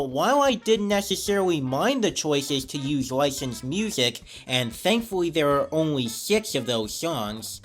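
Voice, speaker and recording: A man giving a scripted film review in an enthusiastic, animated way. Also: fairly high pitch.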